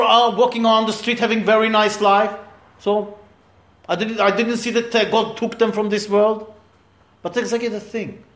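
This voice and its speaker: A man's voice: sits high, a bit bright, echoey room. A man, a rabbi giving a Torah class to a small group, talking emphatically and asking rhetorical questions.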